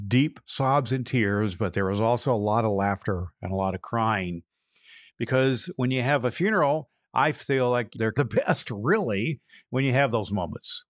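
Earnest retired pastor hosting a podcast. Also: male voice, fairly low pitch, dry recording, clean studio sound. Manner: earnest storytelling with restarts. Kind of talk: casual podcast monologue.

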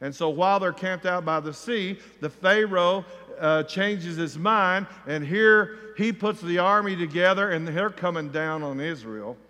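Man, sermon, slow delivery, acts out voices, long hall reverb. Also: high-pitched. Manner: acts out voices of the crowd, rising to near shouts. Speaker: preacher.

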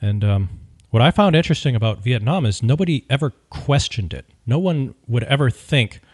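A man tells a story in a wry, opinionated way and keeps it lively. His voice is mid-pitched, and the recording is close and dry with no room sound. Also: normal speed, slightly rough, no room sound. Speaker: podcast host. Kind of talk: casual storytelling.

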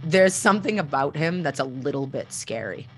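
A woman's voice: low voice, animated, moderate pace, soft background music. A woman hosting a personal storytelling podcast, talking candidly and conversationally with frequent fillers. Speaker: podcast host.

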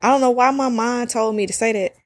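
A woman, hosting a casual solo podcast and talking in an animated, slangy way with free swearing. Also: fairly high pitch, fast talker, no echo. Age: 30s. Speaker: podcast host.

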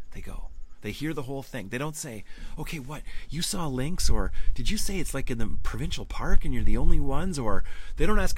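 A man from Canada, hosting a podcast, telling a personal story in a casual, animated way, laughing often and acting out the voices he quotes. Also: medium pitch, rough recording. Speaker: podcast host. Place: lakeside cottage.

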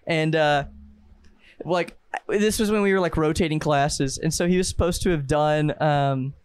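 Animated young man, high voice. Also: measured pace, clear, resonant tone, no echo. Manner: animated storytelling, acts out voices. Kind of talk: casual chat.

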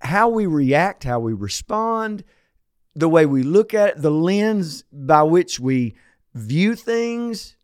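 A man's voice: fairly high pitch, very animated, slow pace, smooth, dry recording. Dry-sounding male preacher, easygoing talk. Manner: conversational, storytelling with a joke. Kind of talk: casual devotional talk.

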